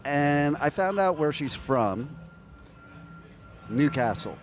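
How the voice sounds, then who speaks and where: A man's voice: a little high, animated, slow, faint music behind. Chatty man interviewing at a festival. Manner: chatty storyteller, laughs at own jokes. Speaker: radio interviewer. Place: outdoor music festival.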